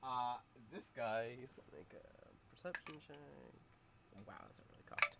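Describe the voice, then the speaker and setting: A man narrating a tabletop game as its game master, describing the action in a halting, good-humored way, often chuckling. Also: mid-range voice, lively intonation, vocal fry, heavy background noise.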